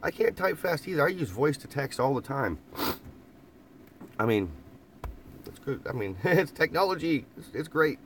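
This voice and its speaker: A man's voice: a little high, sing-song, moderate pace, pauses often. Easygoing man in a van, chatting live to viewers, repeats himself and laughs a lot, light background hum. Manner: rambling, laughs often, repeats phrases. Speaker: vlogger reading live chat. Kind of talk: casual live-stream chat. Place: inside a parked camper van.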